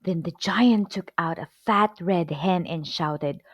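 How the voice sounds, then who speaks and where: A woman reading a children's story aloud, with an expressive, clear storybook delivery. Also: fairly low pitch, slow pace, dry recording, lo-fi sound.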